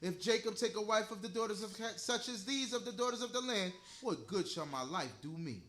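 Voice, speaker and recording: Guy reading bible verses out loud, steady and formal, high voice. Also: brisk. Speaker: scripture reader. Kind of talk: reading scripture aloud.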